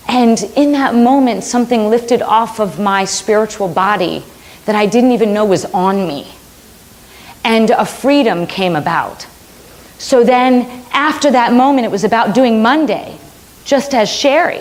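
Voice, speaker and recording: A woman's voice: fairly high pitch, unhurried. A middle-aged woman minister giving a sermon, telling a personal story earnestly and repeating phrases for emphasis.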